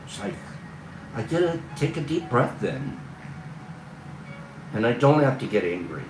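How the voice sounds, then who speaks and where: A man's voice: mid-range voice, big pitch swings, measured pace, echoey room, distant mic, background noise. A man hosting a livestream, talking in a casual, earnest, rambling way. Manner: earnest, rambling, talks through frustration. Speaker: livestream host.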